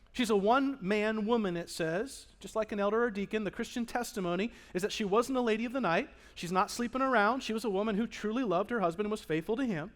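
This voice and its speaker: A male pastor with a notably high voice delivers a sermon in a church. He preaches with animated energy, rising to loud emphatic peaks and dropping to hushed, earnest asides. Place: church sanctuary.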